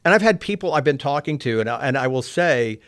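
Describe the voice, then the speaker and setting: A middle-aged man from Oklahoma telling a candid personal story, soft-spoken and reflective, often trailing off quietly. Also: medium pitch, lively intonation, quick pace. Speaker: interview guest.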